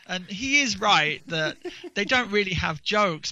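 A man's voice: high voice, expressive, a little slow, bright, forceful tone, no echo. A man co-hosting a casual talk show, rambling and mocking, sometimes mimicking people's voices. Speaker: podcast co-host. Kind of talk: casual chat. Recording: dull lo-fi dry sound.

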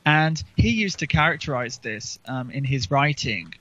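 A man's voice: medium pitch, lively intonation, moderate pace, pushed and bright. A man co-hosting a podcast, chatting casually about politics and rambling with frequent ums and restarts. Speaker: podcast co-host. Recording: dull lo-fi recording.

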